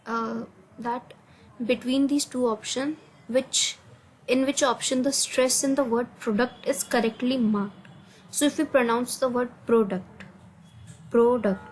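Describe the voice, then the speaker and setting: A woman with an Indian English accent walks through assignment answers, hesitant and filling pauses with "uh". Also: high voice, slight background noise, rough recording. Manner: hesitant, many uh fillers, non-native grammar. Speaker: student explaining assignment answers. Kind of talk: screen-recorded answer walkthrough.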